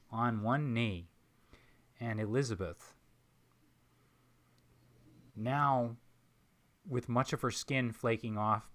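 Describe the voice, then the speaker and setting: A man narrating as game master of a tabletop role-playing game, describing scenes in a measured, pausing way. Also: mid-range voice, a bit bright. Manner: measured, descriptive, with frequent pauses.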